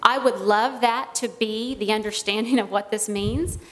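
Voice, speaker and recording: A woman's voice: a little high, fairly even intonation, a bit bright, a little hiss or hum. A woman testifying at a legislative hearing, laying out her points carefully and with hedges. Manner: careful, measured, hedging. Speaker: witness giving testimony. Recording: long reverb of a hearing room.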